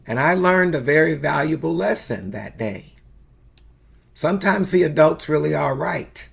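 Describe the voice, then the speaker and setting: An older woman telling a story as a sermon, slow and unhurried with long pauses. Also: low-pitched, lively intonation, vocal fry, husky. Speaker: spiritual speaker.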